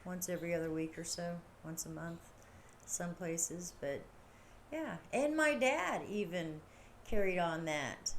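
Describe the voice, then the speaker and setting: A woman's voice: fairly low pitch, slight background noise. A middle-aged woman hosting a livestream, talking casually in a rambling, chatty way and laughing often. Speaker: livestream host. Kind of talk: casual chat.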